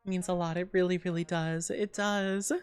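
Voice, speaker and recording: Reading her chat on a casual livestream, a woman gushes bubbly greetings, cute slang and repeated well-wishes to viewers. Her voice is on the low side, fairly even, at normal speed, with a darkish, clear and resonant tone over soft background music.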